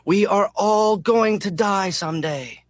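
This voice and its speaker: A man voicing a reckless, fanatical young male mechanic who yells slogans into the wind. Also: fairly low pitch, normal speed, no echo, soft background music, close to an everyday voice. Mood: yelling fervently.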